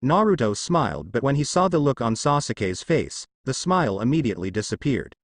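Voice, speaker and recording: A man narrating a fan story in a steady storytelling way. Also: medium pitch, brisk, no room sound, clean studio sound.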